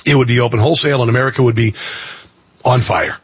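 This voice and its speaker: A man's voice: medium pitch, fast talker, slightly rough, no room sound. A man hosting a talk radio show, giving blunt, rambling commentary full of restarts and filler words.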